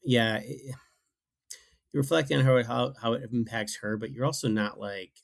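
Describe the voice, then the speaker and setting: A man's voice: medium pitch, fairly even intonation, normal speed, gravelly. A man appearing as a podcast guest, chatting casually with hesitant restarts. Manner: hesitant, repeats words while thinking. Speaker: guest, former reality show contestant. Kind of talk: casual chat.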